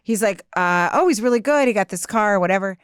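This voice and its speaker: A woman's voice: medium pitch, expressive, fairly quick, clear, resonant tone, no room sound, clean studio sound. A middle-aged woman comedian in casual podcast chat, telling self-mocking stories and acting out her husband's lines. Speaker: stand-up comedian guest.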